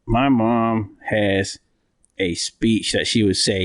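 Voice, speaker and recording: A man's voice: on the low side, fairly even intonation, slow pace. Rambling, profane male podcast co-host. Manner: rambling, profane, with many restarts and impressions. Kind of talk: casual chat.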